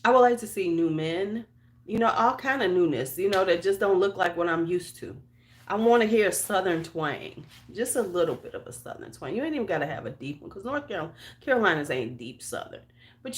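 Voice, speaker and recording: A woman with a Chicago accent, a beauty vlogger in casual livestream chat, rambling with lots of fillers and restarts and greeting viewers by name. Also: lowish voice. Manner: talks to viewers by name while getting ready.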